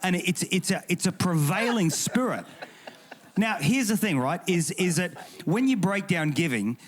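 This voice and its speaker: English male pastor, slightly high voice, humorous and emphatic panel speaker. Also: animated, moderate pace. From England. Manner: humorous, emphatic and indignant, with repeated restarts. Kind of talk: panel discussion talk.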